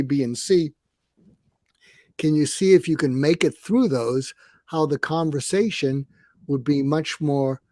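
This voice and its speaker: Calm man in his seventies, dry close sound. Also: on the high side, no room sound. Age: 70s. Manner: calm, explanatory, acts out example dialogues. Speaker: guest psychiatrist and coach. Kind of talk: conversational advice on a podcast.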